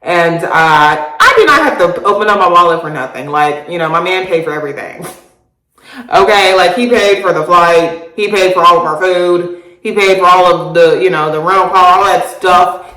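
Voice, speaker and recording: A woman in her thirties telling a casual storytime, animated, laughing often and swearing freely. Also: on the low side, normal speed. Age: 30s. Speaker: vlogger. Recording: roomy echo.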